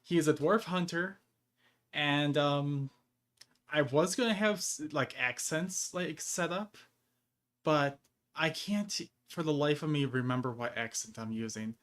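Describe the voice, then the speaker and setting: A man's voice: fairly high pitch, a little slow, fairly bright tone. A man streaming a game and chatting casually, rambling with frequent laughs between phrases. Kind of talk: casual gameplay chat.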